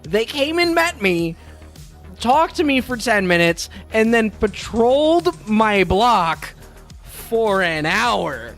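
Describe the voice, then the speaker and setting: A man's voice: sits high, slow pace, soft background music. A young adult man co-hosting a podcast, ranting in casual chat and swearing freely. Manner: profane, animated ranting. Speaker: podcast co-host.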